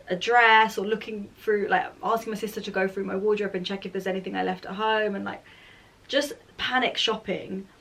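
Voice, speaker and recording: A woman's voice: mid-range voice, fairly bright tone, recorded from a distance. A young woman telling a personal story in a casual, chatty vlog style. She fills her talk with "like" and acts out her own thoughts aloud. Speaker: vlogger.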